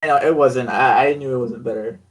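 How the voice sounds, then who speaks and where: A man's voice: medium pitch, brisk, low-quality recording. A man co-hosting a casual podcast over a voice call, joking and sarcastic, laughing often.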